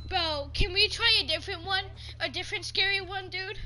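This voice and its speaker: A woman's voice: extremely high pitch, brisk. A young woman chatting casually while playing a horror game, jumpy and slangy, shrieking when scared. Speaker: gamer. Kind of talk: casual gaming chat.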